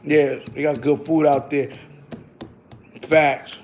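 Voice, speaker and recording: High-voiced man telling a street story. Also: flat delivery, slow pace, a little hiss or hum. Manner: slangy, keeps tagging "you heard?". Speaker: vlogger.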